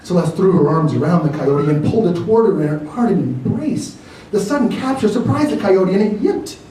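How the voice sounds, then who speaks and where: Male author reading aloud, mellow and expressive; roomy library hall with a distant mic. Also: high voice. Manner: measured, expressive storytelling. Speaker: author reading his work. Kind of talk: live reading of fiction. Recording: roomy hall from far off, faint noise.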